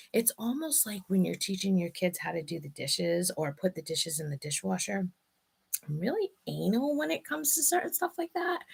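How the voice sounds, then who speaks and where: A woman's voice: fairly low pitch, fairly bright tone. A middle-aged woman hosting her own video, talking candidly and bluntly, with swearing as she vents about home life. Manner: blunt, profane, venting. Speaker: vlog host. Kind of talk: candid personal chat.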